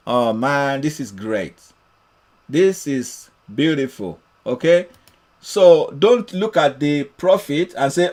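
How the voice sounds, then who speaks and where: A man's voice: a little high, lively intonation, takes it slowly, darkish tone. A man mentoring traders in a live session, reading viewer comments aloud and encouraging them, often repeating his phrases. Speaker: trading mentor. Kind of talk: live-streamed trading session.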